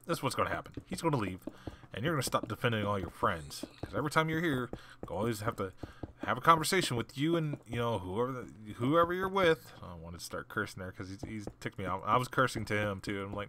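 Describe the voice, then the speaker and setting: A low-pitched man with a bright, forceful edge recounts a story in a casual, animated way. He jumps up in pitch whenever he quotes someone. A faint hiss sits under his voice. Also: fairly quick. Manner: animated retelling, jumps higher when quoting people. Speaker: gaming channel host. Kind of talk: casual storytelling while playing.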